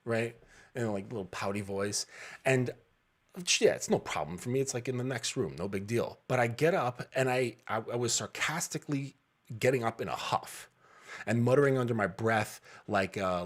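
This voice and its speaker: A man in his thirties, a dating coach, talking bluntly and casually with frequent profanity and laughs. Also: mid-range voice.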